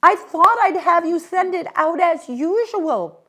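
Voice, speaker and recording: A woman's voice: on the high side, big pitch swings, normal speed, pitched above the performer's own voice. A woman doing a pleading, fretful older lady. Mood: anxious, pleading. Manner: plaintive, pleading, rising to a near shout. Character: fretful older city woman, summer resident.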